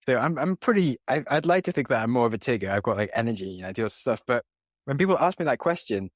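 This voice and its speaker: A man's voice: mid-range voice, animated, fast, dry recording, studio quality. A British man hosting a podcast interview, chatty and self-deprecating, hesitant with many fillers.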